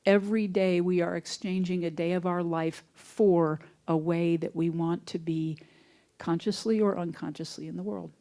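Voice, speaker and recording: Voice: mid-range voice, fairly even intonation, moderate pace, hardly any pauses, dark tone. Conversational minister giving a sermon. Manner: conversational, folksy storytelling. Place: church sanctuary, also streamed online.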